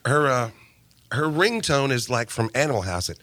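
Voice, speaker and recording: A man co-hosting a radio show, telling stories in casual banter and mimicking coworkers loudly. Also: mid-range voice, big pitch swings, moderate pace, dry recording.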